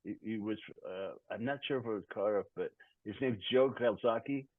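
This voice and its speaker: A man's voice: fairly low pitch, normal speed, no echo. Man in his sixties on a tinny call. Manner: easygoing, rambling storyteller. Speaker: guest musician. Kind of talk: casual podcast chat. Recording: tinny phone-like call audio.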